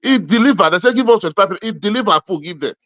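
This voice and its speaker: A fairly high-voiced man argues politics in Nigerian Pidgin, pressing each point and repeating it to drive it home. The sound is dry and close, though the recording is muffled and lo-fi. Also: expressive, fast talker, bright, forceful tone, dry recording. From Edo State, Nigeria. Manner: insistent, repeats himself, calls listener "my brother". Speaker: interviewee. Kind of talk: heated political argument.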